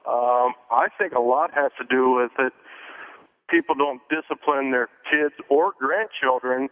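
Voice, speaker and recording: A man in his fifties calling in to a radio show, talking in a halting, folksy way. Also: medium pitch. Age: 50s. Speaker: radio caller. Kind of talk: call-in conversation. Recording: tinny phone line.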